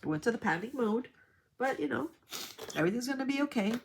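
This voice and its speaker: This vlogger from New York has a fairly high, slightly rough voice and a quick pace. Sorting through her craft supplies, she chats her way through a rambling story, turning animated during the retellings.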